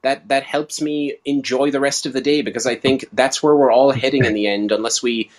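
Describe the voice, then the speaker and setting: A man's voice: mid-range voice, steady tone, a little fast. A man co-hosting a casual movie review podcast, rambling and chatty with lots of fillers and restarts. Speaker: podcast co-host.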